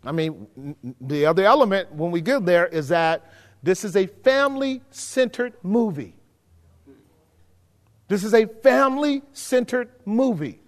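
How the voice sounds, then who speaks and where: Man, pastor, very high voice, conversational sermon, checks in with the congregation, long hall reverb. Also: sing-song, a little slow. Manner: conversational preaching, checking in with the room. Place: church hall with a live audience.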